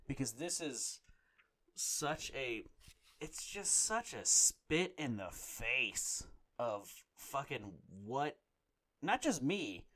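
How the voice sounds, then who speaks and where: A man's voice: medium pitch, very animated, extremely slow, pushed and bright. Profane, exasperated ranting man. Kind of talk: casual chat, ranting.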